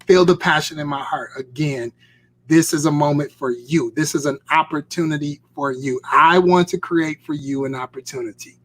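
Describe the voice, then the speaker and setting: A man's voice: on the high side, normal speed, fairly bright tone. Fervent preacher man urging his audience. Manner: fervent, urging, repetitive exhortation. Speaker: host and pastor. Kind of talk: live-stream sermon talk.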